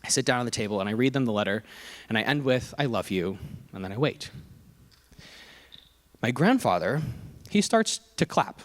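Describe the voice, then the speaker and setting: A young man delivering a keynote as an easygoing, conversational story. His voice sits at an ordinary middle pitch, and he keeps the tone light and self-deprecating, with a comic touch. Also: sing-song, normal speed, pauses often. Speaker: keynote speaker.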